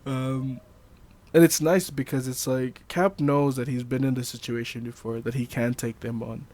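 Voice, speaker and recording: A man's voice: medium pitch, fairly even intonation, moderate pace, darkish tone. A man co-hosting a casual film discussion, rambling with frequent ums and laughing often. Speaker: podcast co-host.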